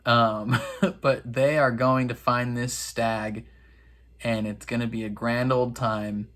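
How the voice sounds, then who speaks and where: A man in casual reaction commentary, chatty and wry, laughing often and filling pauses with "um". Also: flat delivery, fairly bright tone. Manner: acts out characters' lines in quick high voices. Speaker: reaction video host.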